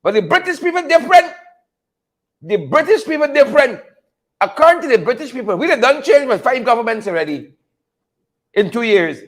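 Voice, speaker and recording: A man's voice: extremely high pitch, sing-song, a little fast, pauses often. A man with a Guyanese accent hosting casual political commentary, repeating himself, chuckling and calling out viewers by name. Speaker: host of a political commentary show. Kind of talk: casual live commentary reading viewer names.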